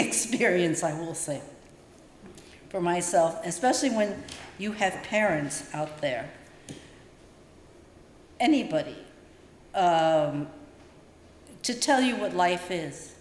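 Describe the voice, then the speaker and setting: Older woman telling a story in a temple hall. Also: mid-range voice. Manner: storytelling, acts out voices in quotes. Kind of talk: dharma talk with personal stories. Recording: roomy hall echo, faint ambience.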